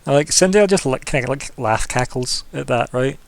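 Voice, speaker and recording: A man's voice: medium pitch, moderate pace, vocal fry. A man narrating as game master of a tabletop game, rambling and filling his descriptions with loose fillers.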